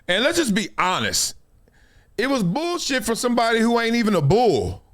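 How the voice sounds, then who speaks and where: A middle-aged man hosting a casual sports talk show, slangy and animated, acting out quick voices as he riffs. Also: extremely high pitch. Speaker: show host. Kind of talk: casual commentary livestream.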